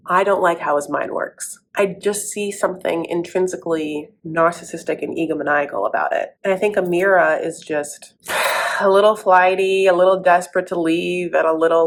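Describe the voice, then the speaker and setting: A woman hosting a comedic reality TV recap, sassy and sarcastic, who calls listeners honey. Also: on the low side. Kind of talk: comedic commentary.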